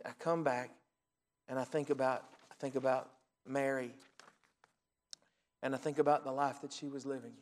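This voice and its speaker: A man, a pastor telling folksy stories in a sermon and acting out phone calls, building to loud preaching. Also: mid-range voice, in a large hall. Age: 40s.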